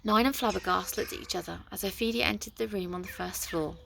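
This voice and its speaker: A woman reading a storybook aloud in a lively, expressive way. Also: medium pitch, quick pace, vocal fry, slight background noise.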